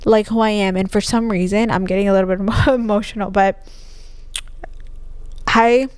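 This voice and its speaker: A woman's voice: medium pitch, steady tone, moderate pace, darkish tone, smooth, no room sound. Young woman, candid emotional monologue. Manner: emotional, heavy use of "like", trailing restarts. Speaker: podcast host.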